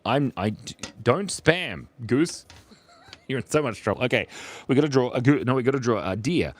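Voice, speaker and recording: A young livestream artist draws for his chat while talking playfully, reading messages aloud and laughing often. His voice is medium in pitch with lively intonation and a moderate pace.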